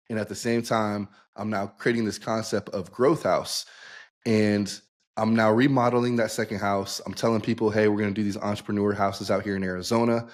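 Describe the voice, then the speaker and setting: A young man, a podcast guest, telling his story casually and acting out the dialogue he quotes. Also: on the low side. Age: young adult.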